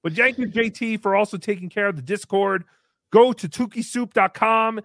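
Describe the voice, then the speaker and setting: A man hosting a comedic livestream, thanking members in a goofy, animated manner. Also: high-pitched, moderate pace, no echo. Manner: goofy, animated, swinging between squeals and mumbles. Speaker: livestream host. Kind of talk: comedic live-stream chat.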